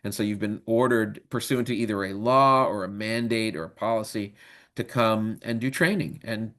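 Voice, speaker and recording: A man's voice: on the low side, steady tone, moderate pace, fairly bright tone. A man in his fifties who has worked as a lawyer, giving a casual, joking training webinar lecture with many ums. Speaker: legal trainer.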